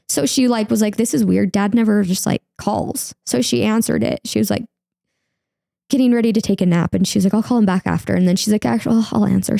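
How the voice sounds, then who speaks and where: A young woman appears as a podcast guest in an emotional personal interview, candidly sharing a personal story and acting out things she once said. Her medium-pitched voice is warm and creaky, captured in clean studio sound with no echo.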